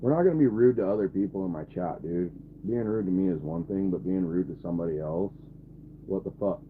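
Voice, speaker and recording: A man's voice: low voice, brisk, slight background noise. A man in his twenties live streaming and talking to his chat, blunt and irritated, swearing often. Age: 20s. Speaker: livestreamer. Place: camper. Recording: tinny phone-like audio, faint ambience.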